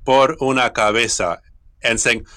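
A man's voice: medium pitch, steady tone, unhurried, sharp tone. A middle-aged man, a tango guitarist and teacher, answering interview questions thoughtfully with frequent restarts.

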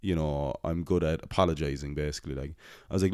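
A young man with a very deep, smooth and resonant voice tells a casual, rambling story. He swears freely and pokes fun at himself. The sound is dry and close to the mic. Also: steady tone, fast, darkish tone, no room sound. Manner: rambling, swears often, self-deprecating. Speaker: podcast host, cinema worker.

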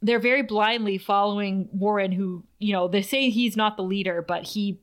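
A woman podcast co-host giving an animated, casual episode recap and swearing freely. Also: mid-range voice, normal speed.

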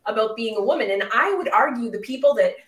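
A woman's voice: fairly high pitch, quick pace. Opinionated woman host, roomy distant sound. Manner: opinionated, animated, repeats words when starting a point. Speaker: podcast host. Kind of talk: conversational podcast interview.

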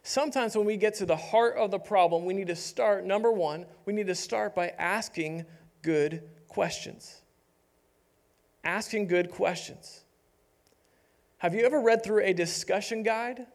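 A young man preaching a sermon, animated and humorous, acting out voices from the story. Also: high voice, measured pace. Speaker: pastor.

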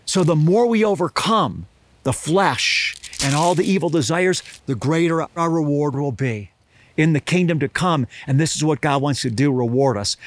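Male preacher, fairly high voice, dry close sound; reads scripture and expounds it earnestly. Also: no room sound. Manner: reads scripture aloud, then explains it with earnest emphasis. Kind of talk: sermon.

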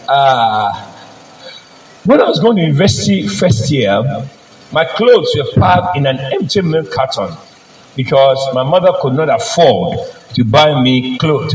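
Male preacher, lively storyteller voice with wide swings in pitch, recorded in an echoey church. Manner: personal storytelling, calls for amens. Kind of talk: sermon. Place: church service.

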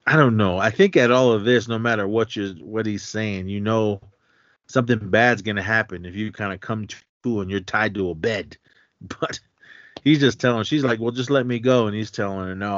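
A man co-hosting a podcast, retelling a film scene in a rambling, halting way with many fillers. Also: lowish voice, fairly bright tone, no room sound, lo-fi sound. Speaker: podcast co-host. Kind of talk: casual film recap.

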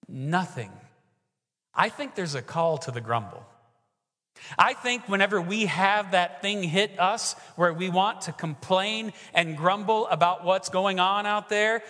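A man's voice: sits high, fairly bright tone. A man preaching a sermon, often asking the congregation questions. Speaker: pastor. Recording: long reverb of a large hall.

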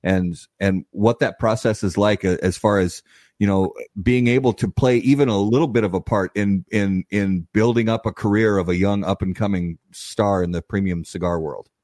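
A male host asking a guest a long, halting question with frequent restarts. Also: lowish voice, a little mellow, no echo, studio quality. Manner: halting, restarts often while setting up a question. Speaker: podcast host. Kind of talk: interview questions.

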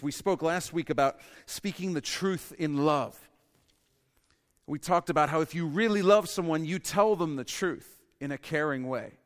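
A male pastor giving a sermon in an animated way, with humorous asides and bursts of loud emphasis. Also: on the high side, big-room sound.

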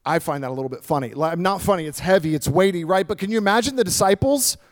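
A male pastor preaching a sermon in a conversational, animated way, reading and explaining scripture. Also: sits high, fast talker.

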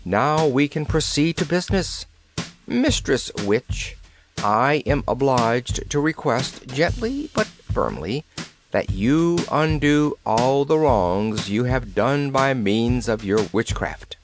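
A man reading an audiobook voices a stately scarecrow king who speaks gently but firmly, over background music. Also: medium pitch, lively intonation, takes it slowly, pitched above the performer's own voice. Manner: gentle but firm, formal.

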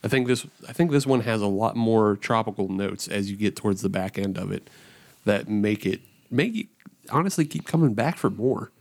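A man's voice: on the low side, normal speed, vocal fry. A man co-hosting a casual beer podcast, joking and laughing often with friends at the table. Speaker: podcast co-host. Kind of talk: casual chat over beers.

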